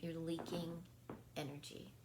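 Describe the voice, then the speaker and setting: Slow, low-voiced woman wellness coach. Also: level tone, a little mellow, slight background noise. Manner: earnest, repetitive, checks in with "right?". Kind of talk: casual spiritual wellness talk.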